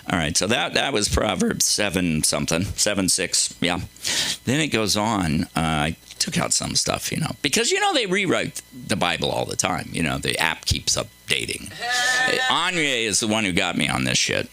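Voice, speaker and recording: A man doing a stand-up set in a comedy club, his voice bright and a little gravelly. He swings from dry muttered asides to loud, over-the-top readings, and his pitch leaps all over the place. He sounds like he is speaking into a handheld mic on stage. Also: moderate pace, poor audio. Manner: animated, jumps between deadpan asides and loud exaggerated readings.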